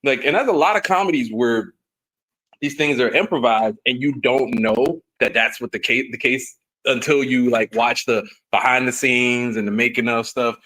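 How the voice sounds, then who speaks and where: A man in a casual chat, rambling and animated, laughing as he talks. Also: medium pitch, moderate pace, low-quality recording. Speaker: co-host.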